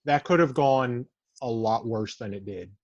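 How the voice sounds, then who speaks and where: A man co-hosting a casual podcast, explaining his view in a measured way. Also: mid-range voice, no echo, highs cut off. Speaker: podcast co-host. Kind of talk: casual chat.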